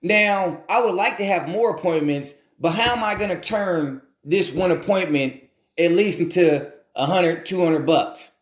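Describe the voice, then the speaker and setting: A man delivers an earnest motivational talk, often repeating phrases and asking rhetorical questions. His voice sits a little high. The room around him is echoey. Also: a little slow. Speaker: motivational speaker.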